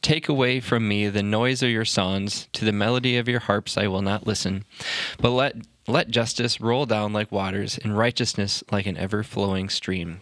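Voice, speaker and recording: A man's voice: on the low side, fairly even intonation, moderate pace, hardly any pauses, a bit bright, no echo. A man hosting a pastors' podcast, chatting casually and reading scripture aloud in an easygoing way.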